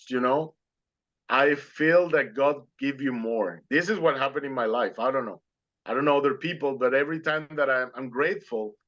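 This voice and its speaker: A man in an online interview, recounting a dramatic personal story with earnest animation and non-native English phrasing. His voice sits at an ordinary middle pitch. The sound is slightly muffled and lo-fi, as a video call tends to be. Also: a bit bright. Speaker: guest speaker.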